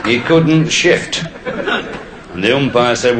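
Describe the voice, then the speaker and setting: A man's voice: lowish voice, expressive, normal speed. An older man telling comic anecdotes as an after-dinner speaker, a wry raconteur who chuckles at his own stories. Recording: noisy live recording.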